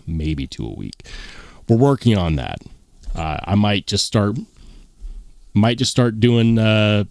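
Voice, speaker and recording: A man's voice: on the low side, warm tone, dry recording, clean studio sound. Rambling, chatty man on a livestream. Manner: rambling, chatty, addresses viewers as guys. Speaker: livestream host. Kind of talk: casual live-stream chat.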